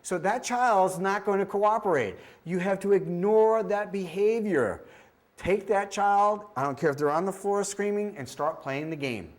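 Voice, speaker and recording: A middle-aged man with a high voice talks a little slowly as he presents a training session on checking kids' hearing. Animated throughout, he tells anecdotes and acts out child voices along with the test beeps.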